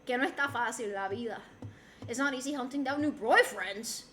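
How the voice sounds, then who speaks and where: A woman's voice: fairly high pitch, a little fast, fairly bright tone. A woman from Rico, chatting casually with her stream viewers and laughing often as she switches between English and Spanish. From Puerto Rico. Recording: roomy with faint background noise.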